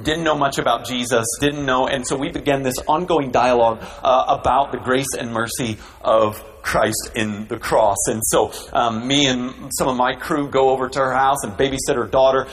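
A man telling a story in a sermon, starting calmly and building to impassioned fervor. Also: medium pitch, a little hiss or hum, rough recording. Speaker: preacher telling a story in a played clip.

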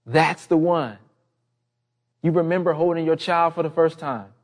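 Speaking at a measured pace with frequent pauses, a pastor shares a personal story conversationally during his sermon. He works up to an impassioned appeal, getting higher and louder as he closes.

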